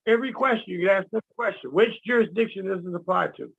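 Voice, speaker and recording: A man with a high, gravelly voice talks in a loose, teaching way. He acts out little quotes and laughs at his own jokes, on a dull, lo-fi recording. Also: fast. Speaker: guest speaker. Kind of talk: casual teaching talk. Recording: dull lo-fi sound.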